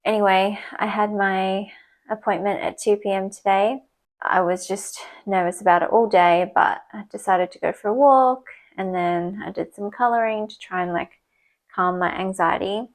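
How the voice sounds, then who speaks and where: A woman's voice: mid-range voice, fairly even intonation, moderate pace, rough recording. Young woman, casual vlog narrator, candid and chatty, mid-range voice. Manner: chatty, candid storytelling, retelling dialogue. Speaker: vlogger. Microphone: small clip or desk mic, sometimes knocked.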